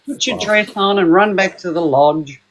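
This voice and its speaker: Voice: mid-range voice, moderate pace, over a noisy crowd, poor audio. A speaker in a casual livestream chat, mocking and taunting others.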